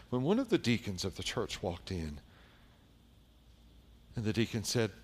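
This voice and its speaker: A middle-aged man from South Carolina, a pastor telling stories in a sermon with wry asides, dropping quiet for emphasis. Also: lowish voice, moderate pace. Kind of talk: sermon storytelling.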